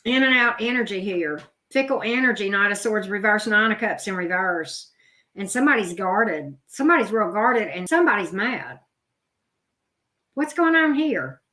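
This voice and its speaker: A woman's voice: medium pitch, expressive, moderate pace, bright, forceful tone. A middle-aged woman doing a live tarot reading, chatty and blunt, talking straight to her viewers. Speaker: tarot reader. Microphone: video camera.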